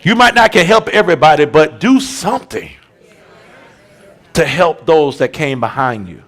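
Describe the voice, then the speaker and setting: Gravelly, fiery preacher man. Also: fairly high pitch, big pitch swings, measured pace. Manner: shouting, rhythmic preaching with colloquial asides. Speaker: bishop preaching. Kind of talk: sermon.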